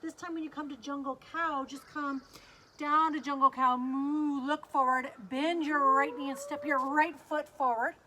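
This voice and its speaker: Woman, kids yoga teacher, high-pitched, playful animal sounds, faint background noise. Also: fairly even intonation, normal speed, pushed and bright. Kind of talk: guided kids yoga class.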